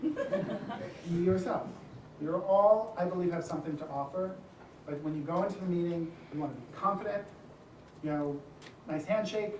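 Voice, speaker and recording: A man's voice: high-pitched, normal speed, long pauses, darkish tone, a little hiss or hum. Chatty man giving a talk in an echoey room. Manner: chatty, with frequent asides and light laughter. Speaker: speaker at a design community event. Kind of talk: casual presentation talk. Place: event room with a live audience. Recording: echoey room, distant mic, faint ambience.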